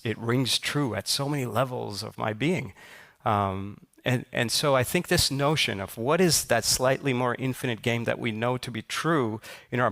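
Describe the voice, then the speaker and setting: Male conference speaker with a gravelly edge, reflective and conversational, full of ums and restarts. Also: medium pitch, a bit bright. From Silicon Valley, United States. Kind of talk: conference talk, personal storytelling. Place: conference stage.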